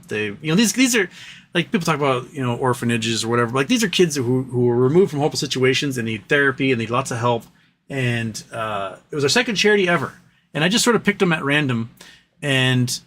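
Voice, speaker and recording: A man's voice: mid-range voice, fairly bright tone, slight background noise. A man hosting a livestream from his home office, venting in frustration with swearing and frequent stumbling restarts. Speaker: livestream host.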